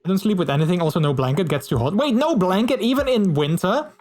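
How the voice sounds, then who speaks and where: A man's voice: high voice, expressive, fast, darkish tone, faint music behind. A man streaming casually, reading out viewer messages and chatting in a friendly way, with many fillers and restarts.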